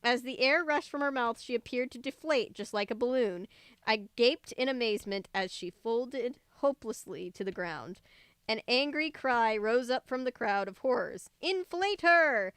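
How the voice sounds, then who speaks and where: A young woman reads a kids' horror book aloud, playing up the quoted lines with lively voices. Her voice is clear and smooth and sits fairly high. The sound is close and dry, with no room around it. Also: normal speed, dry recording. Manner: lively dialogue voices, chatty joking asides. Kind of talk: reading a story aloud with casual asides.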